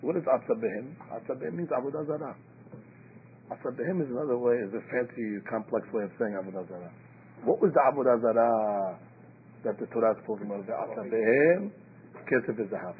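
A man's voice: medium pitch, quick pace. A man giving an informal Torah lecture, telling stories and acting out quotes, with Hebrew terms mixed into his English. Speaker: rabbi giving a Torah class. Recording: tinny phone-like line with faint hiss.

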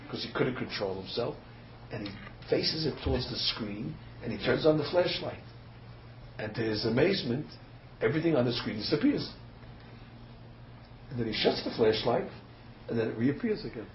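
The speaker is a male rabbi with a medium-pitched voice, giving an emphatic sermon that blends in a story and is packed with rhetorical questions. He sometimes stumbles over fillers. The lo-fi recording sounds dull, carrying faint ambience and slight background noise.

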